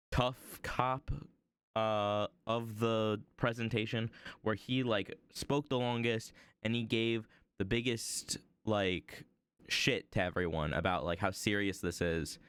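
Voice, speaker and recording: A man's voice: fairly low pitch, takes it slowly, fairly bright tone, clear, resonant tone, dry recording. A young man telling a long story on a casual stream, rambling with many fillers as he draws. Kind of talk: casual storytelling while drawing.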